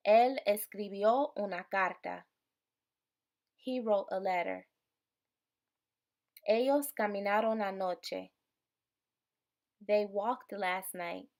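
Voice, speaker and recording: Slow, patient woman tutor. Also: medium pitch. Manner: patient, explains step by step, often checks in with "okay?". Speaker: online Spanish tutor. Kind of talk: recorded video lesson.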